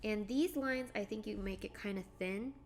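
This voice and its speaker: A woman's voice: mid-range voice, normal speed. A young woman live-streaming as she draws, chatting casually with viewers, giggling and thinking aloud. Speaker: livestreamer. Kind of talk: casual live-stream chat while drawing.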